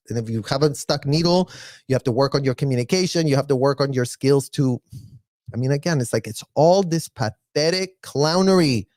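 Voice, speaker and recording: A man giving casual, blunt reaction commentary, animated and mocking, with mild profanity. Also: a little high, no echo, studio quality. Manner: animated, mocking, mimics others in exaggerated voices. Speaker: live reaction streamer.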